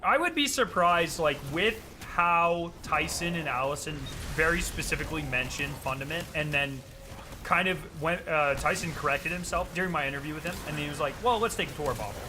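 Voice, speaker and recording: A man streaming a game, chatting casually and excitably with plenty of slang and swearing. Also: a little high, normal speed, music in the background. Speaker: gaming streamer. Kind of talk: casual chat over gameplay.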